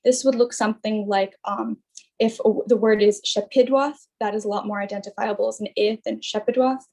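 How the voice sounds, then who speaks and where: A woman's voice: mid-range voice, flat delivery, fairly quick, creaky, darkish tone. A young woman in her twenties giving a student research presentation, explaining carefully with many fillers and restarts. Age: young adult. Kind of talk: academic presentation.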